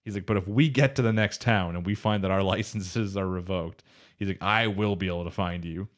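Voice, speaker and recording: A man's voice: sits low, a little fast. A man co-hosting an anime podcast, recapping episodes in a loose, rambling way and quoting characters in his own voice. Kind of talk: casual chat.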